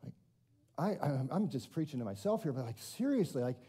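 A man delivering a conversational sermon, his voice very dark and mellow. His pitch rises and falls a great deal as he talks. He keeps turning questions back on the congregation. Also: big pitch swings, fairly quick, slightly rough. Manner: conversational, self-deprecating, asks the congregation questions. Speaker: pastor.

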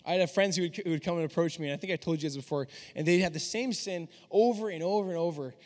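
A young man preaching with a slightly high voice. He talks in an earnest, conversational way. A long hall reverb trails each phrase. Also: fast talker, a little mellow. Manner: earnest, conversational, acts out quoted dialogue. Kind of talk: sermon.

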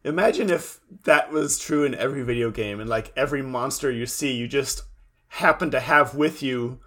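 A man's voice: medium pitch, normal speed, fairly bright tone. A man co-hosting a podcast in casual chat, adding dry, sardonic remarks. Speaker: podcast co-host.

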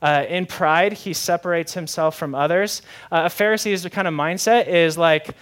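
A young man preaching a sermon in a lively, conversational way, often asking the audience questions. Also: a little high, normal speed, hardly any pauses. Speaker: pastor.

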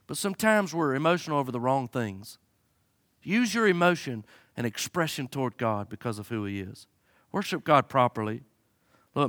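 A male pastor preaches with a bright, forceful edge to his voice. He is pitched a touch above the usual male range and is recorded dry and close. His delivery swings between fervent high exhortation and soft pleading, with folksy asides. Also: no room sound. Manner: folksy humor, acts out his listeners' excuses. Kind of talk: sermon.

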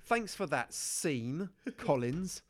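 Giggly podcast host, animated voice. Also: male voice, fairly high pitch. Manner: giggly, light. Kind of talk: casual improv podcast outro.

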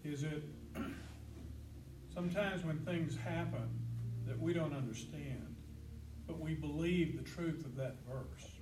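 A man in a Bible study class slowly asking a hesitant question. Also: a little high. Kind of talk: question from the audience. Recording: distant and echoey, with noise.

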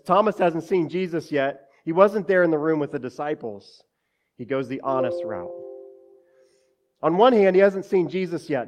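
A man's voice: a little high, a little mellow. A man preaching a sermon, talking to the congregation as church and dropping joking asides between scripture readings. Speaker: pastor.

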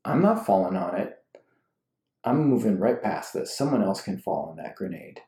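A man's voice: sits low, moderate pace, creaky. Man ranting on a roomy home podcast. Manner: animated, ranting, gets worked up. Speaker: podcast co-host. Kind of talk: casual chat with spouse. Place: room at home.

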